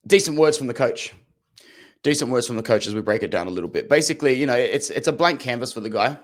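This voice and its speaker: A man's voice: mid-range voice, expressive, very fast. A man hosting a fan channel, giving blunt, casual reaction commentary and often repeating his own phrases.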